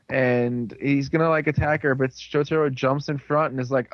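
This man recaps a TV episode in rambling, casual conversation, now and then dropping into what the characters said. His medium-pitched voice stays fairly even, moving at normal speed with few pauses, and the audio is dull with no echo.

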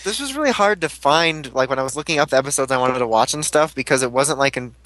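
A man's voice: mid-range voice, animated, fast, fairly bright tone, no room sound, low-quality recording. A man chatting casually as a podcast host, rambling through a recap with frequent swearing and fillers.

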